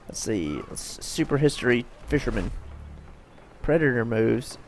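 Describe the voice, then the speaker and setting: A man's voice: mid-range voice, lively intonation, measured pace, slight background noise. A man streaming a video game live, talking playfully and muttering to himself as he plays. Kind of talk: live gameplay commentary.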